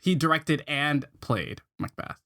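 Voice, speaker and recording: A man's voice: a little high, lively intonation, measured pace, gravelly, fairly bright tone. A man co-hosting a film podcast, talking in a chatty, upbeat way. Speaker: podcast co-host. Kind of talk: casual chat.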